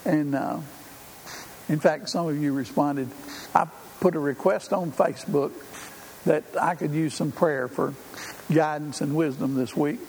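A man's voice: on the high side, fairly even intonation, unhurried, darkish tone. An older man preaching a sermon in a folksy, conversational way, with frequent fillers. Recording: hall reverb, faint room noise.

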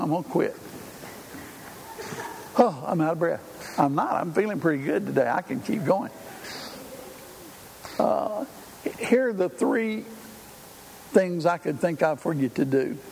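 A man's voice: high-pitched, expressive, measured pace, creaky, long pauses, a little mellow. An older man preaching a sermon in a folksy, conversational way, with frequent fillers. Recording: hall reverb, faint room noise.

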